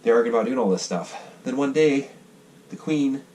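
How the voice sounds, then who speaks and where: A man's voice: mid-range voice, expressive, normal speed, darkish tone. A man from the United States, talking casually in a rambling monologue, swearing and acting out the voices of groups. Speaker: vlogger sketching ideas. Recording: distant mic with faint noise.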